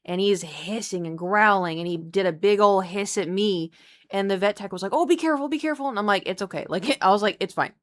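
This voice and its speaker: A young woman streaming from home at her desk mic, telling a long story in a chatty, animated way and breaking off to talk to her cat. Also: medium pitch, fairly quick. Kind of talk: casual storytelling to live chat. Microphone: desk microphone.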